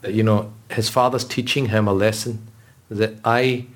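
Man, low voice, earnest, storytelling guest, restarts a lot. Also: fairly even intonation, normal speed. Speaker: religious scholar guest. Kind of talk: conversational podcast interview.

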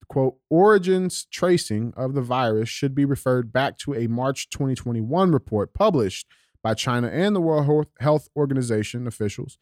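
A man's voice: mid-range voice, no echo. Young guy reading headlines on his podcast, cusses a lot, trips over words, dead dry sound. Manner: animated, profane, many fillers and restarts. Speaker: podcast host. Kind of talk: casual political commentary, reading news aloud.

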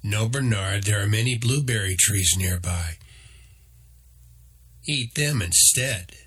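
A man doing a calm little meerkat guide. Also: fairly low pitch, slow, slightly rough, full character voice. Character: small, knowing male meerkat guide.

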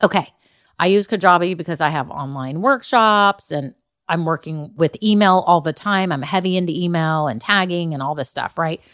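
A woman with a somewhat low, slightly bright voice speaks at normal speed in a dry, clean studio recording. She is a business coach hosting a solo podcast, chatty and upbeat, describing her own speech as old-school Valley girl. She talks straight to the listener, often checking in with "okay" and "right."

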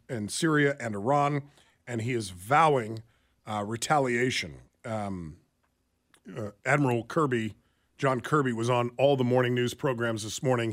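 A man's voice: mid-range voice, fairly bright tone. A man co-hosting a talk radio show, speaking earnestly with frequent fillers. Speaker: radio co-host. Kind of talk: talk radio news commentary. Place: radio studio.

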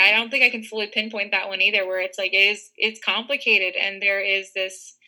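Sharp, flat-toned woman musing aloud. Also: medium pitch, rough recording. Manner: reflective, circling thoughts, restarts. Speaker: podcast co-host. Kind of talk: casual podcast chat.

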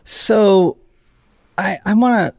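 A male podcast host with a gravelly, fry-edged voice that sits somewhat high. He talks hesitantly in a conversational interview, restarting phrases as he shapes his ideas. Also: slow, darkish tone. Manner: hesitant, restarts phrases while forming thoughts.

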